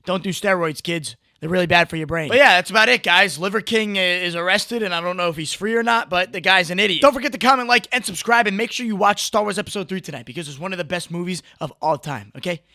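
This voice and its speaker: Bright-voiced young man mocking a video. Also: sits high, fast, few pauses, no room sound, studio quality. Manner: mocking, riffing, excitable, with frequent "like" and "bro". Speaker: commentary video host. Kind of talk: casual reaction commentary.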